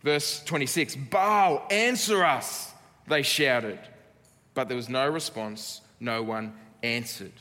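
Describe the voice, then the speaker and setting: Australian pastor, earnest emphatic sermon delivery, long church-hall reverb. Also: male voice, mid-range voice, pushed and bright. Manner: earnest, emphatic preaching with dramatic pauses.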